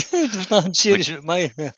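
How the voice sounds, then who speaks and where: A man taking part in an online quiz, who chuckles and thinks his answers through out loud. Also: sits high, animated, a little slow, breathy edge, no room sound. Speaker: quiz contestant. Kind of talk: casual chat.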